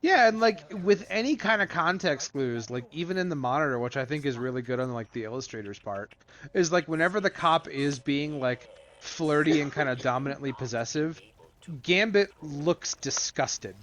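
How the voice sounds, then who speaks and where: Animated man retelling a comic. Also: fairly high pitch, normal speed. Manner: animated retelling with put-on character voices. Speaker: podcast co-host. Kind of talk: casual comic book discussion.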